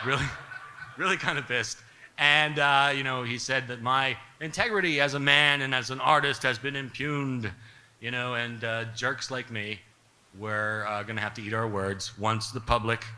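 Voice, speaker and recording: A man telling a comic story live to an audience, animated and wry, chuckling through his punchlines. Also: mid-range voice, measured pace.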